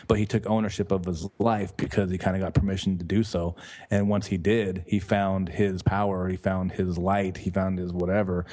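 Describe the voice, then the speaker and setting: A man's voice: sits low, level tone, normal speed, mellow. A man being interviewed as a guest author and life coach, talking in a rambling, enthusiastic way and often correcting himself mid-sentence. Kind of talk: casual podcast interview.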